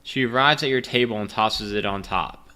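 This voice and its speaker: Game master, male, low-ish bright voice, casual and rambling, self-deprecating, drinking a bit. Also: moderate pace, clean tone. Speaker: game master playing a solo gamebook. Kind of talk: casual chat and reading game narration.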